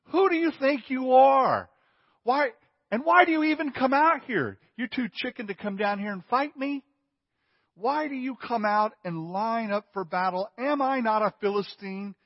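A man acting out a taunting, boastful giant warrior who shouts mockery at his enemies. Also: mid-range voice, fairly even intonation, moderate pace, hardly any pauses, dry recording, lo-fi sound, lightly acted. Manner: loud, mocking shouts.

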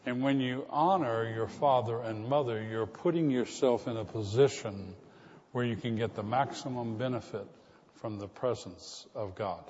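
A man's voice: mid-range voice, normal speed, darkish tone, slight background noise. A male pastor delivering a sermon, telling stories and building to emphatic repeated lines. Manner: storytelling preacher, rising to emphatic repetition. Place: church sanctuary. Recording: muffled church recording with long reverb.

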